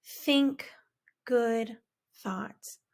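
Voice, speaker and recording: Woman, children's book read-aloud, slow and expressive, fairly high voice. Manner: slow, expressive, dramatic reading.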